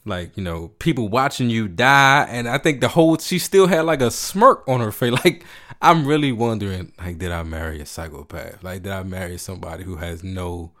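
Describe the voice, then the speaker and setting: A man from Washington, D.C. telling a story in casual, laid-back chat, profane and animated. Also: on the low side, normal speed.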